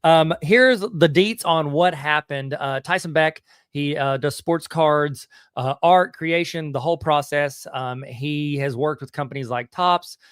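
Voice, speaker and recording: A man's voice: a little high, a little slow, hardly any pauses, a bit bright, clear, resonant tone, no echo, studio quality. A middle-aged man with a Southern US accent hosting a podcast on a live stream, talking in a casual, slangy way with lots of fillers and restarts. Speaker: podcast host.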